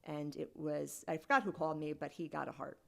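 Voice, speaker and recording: A woman's voice: deep voice, steady tone, fairly quick, gravelly. A woman guest on a podcast, telling a personal story in a candid, conversational way with lots of "like.". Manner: candid and conversational, heavy use of "like".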